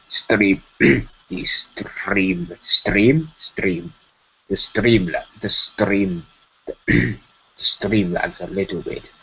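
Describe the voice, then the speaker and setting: A man's voice: low-pitched, gravelly, fairly bright tone, husky. A man chatting casually on a live stream while animating, rambling and stammering through frequent restarts. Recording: dull lo-fi stream audio with faint noise.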